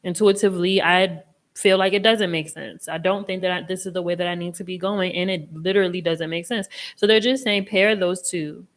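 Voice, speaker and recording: A young woman hosting a casual live tarot reading, chatty and expressive, with a reassuring tone and casual swearing. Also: on the low side, moderate pace. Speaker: tarot reader and live stream host.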